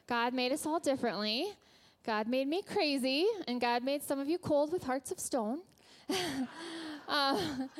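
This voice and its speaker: A woman who is a nurse gives an earnest, gentle sermon in a church, telling it like a story. Her voice sits high.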